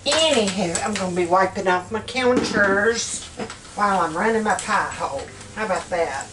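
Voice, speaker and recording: A woman with a Southern US accent chatting casually in her home kitchen for a vlog, folksy and quick to laugh. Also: medium pitch, animated, noisy background. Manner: folksy, laughs often while talking. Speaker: vlogger.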